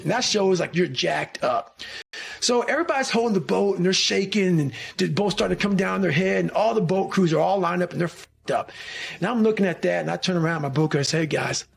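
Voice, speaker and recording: A man's voice: high voice, gravelly, husky. A man telling a war-training story in an intense, profane motivational style. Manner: intense, swearing, acts out quoted shouts. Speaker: former special forces trainee telling a story.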